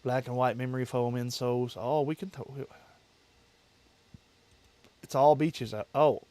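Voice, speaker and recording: A man's voice: medium pitch, fairly even intonation, fairly quick, a little mellow, no room sound. Rambling man hosting a casual livestream. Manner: rambling, repeats himself, laughs easily. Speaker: livestream host. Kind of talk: casual livestream chat with viewers.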